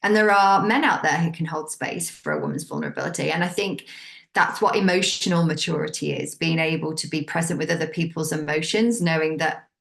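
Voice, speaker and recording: Gravelly-voiced woman, a measured coach. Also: low-pitched, expressive, fairly bright tone. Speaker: relationship coach guest. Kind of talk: conversational interview.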